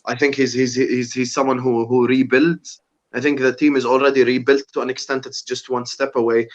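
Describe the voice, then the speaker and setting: A man's voice: mid-range voice, little pitch movement, brisk, highs cut off. A young man on a podcast, ranting heatedly about football and swearing often. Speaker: podcast guest, rival fan. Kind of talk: casual podcast chat.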